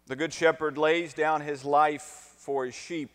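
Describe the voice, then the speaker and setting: A man preaching a sermon as pastor, deliberate at first and building to emphatic points, asking the congregation to repeat after him and answer his questions. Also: a little high, fairly even intonation, a bit bright, clean tone. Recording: long reverb of a large hall.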